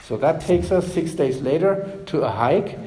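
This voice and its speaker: A male pastor preaching a measured sermon. His voice drops softly at the ends of phrases. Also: a little high, animated, roomy sound, a little hiss or hum, rough recording.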